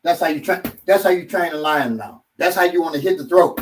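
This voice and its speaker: A man's voice: on the high side, fairly quick, recorded from a distance, slight background noise. A man teaching self-defense in a casual group talk, demonstrating moves as he speaks. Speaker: martial arts instructor.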